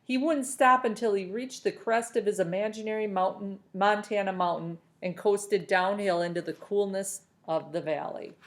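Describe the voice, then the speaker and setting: A woman reading a novel aloud to listeners, expressive, with small self-corrections along the way. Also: mid-range voice, moderate pace, hardly any pauses.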